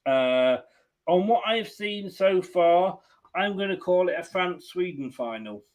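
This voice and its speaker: A man's voice: high-pitched, expressive, measured pace, darkish tone. A man hosting a football watchalong stream, chatting casually, teasing and laughing often. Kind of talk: casual chat.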